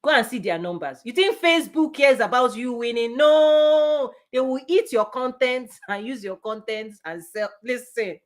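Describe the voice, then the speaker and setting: A woman business coach giving a forceful motivational talk, repeating punchy phrases and laughing often. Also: on the high side, moderate pace, few pauses.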